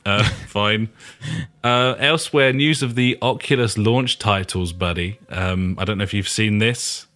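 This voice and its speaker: A man's voice: on the low side, a little slow, sharp tone. A man co-hosting a casual gaming podcast, dry and sarcastic, who swears casually and keeps calling his co-host buddy. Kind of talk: casual gaming news chat.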